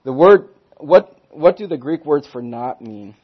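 A man's voice: on the high side, animated, unhurried, breathy edge. Earnest man teaching a Bible lesson. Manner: earnest, emphatic, swings from loud stresses to soft trailing ends. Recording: dull lo-fi recording.

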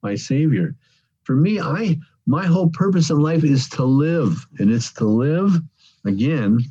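Leading an evening Bible study, a man with a mellow, slightly husky mid-range voice explains each word carefully, repeating himself and stressing key phrases. The recording is dull and lo-fi.

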